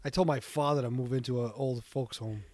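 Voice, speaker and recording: A man's voice: mid-range voice, fairly even intonation, a little fast, a little mellow, no echo. A man co-hosting a casual chat, often answering with short agreements and swearing casually as he jokes. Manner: terse agreeing, profane, joking.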